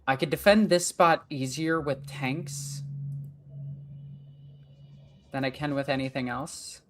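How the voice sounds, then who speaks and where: A woman's voice: rumbling low, takes it slowly, faint music behind. A woman narrates her own strategy game as she plays. She thinks aloud in a casual, self-directed way, grumbling and swearing at her losses while she plans her moves. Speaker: gaming channel host. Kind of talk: let's play commentary.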